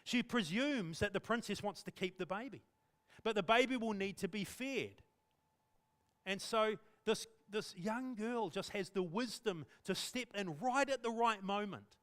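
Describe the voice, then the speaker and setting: A man's voice: high voice, a bit bright. A male pastor preaching in church, telling the story animatedly and acting out the scenes. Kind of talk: sermon.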